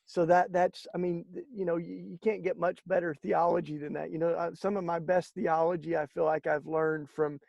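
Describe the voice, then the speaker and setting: A man, a guest in an interview, telling stories in a lively conversational way and acting out the voices of the people he quotes. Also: fairly high pitch, normal speed, creaky, few pauses, no echo, lo-fi sound. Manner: animated storyteller, acts out quoted speech. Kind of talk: conversational storytelling.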